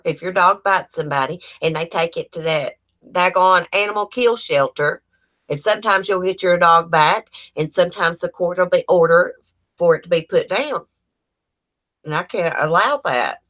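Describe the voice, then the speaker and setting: A woman, chatting casually on a livestream and telling animated stories full of quoted dialogue. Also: fairly low pitch, normal speed. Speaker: livestream host.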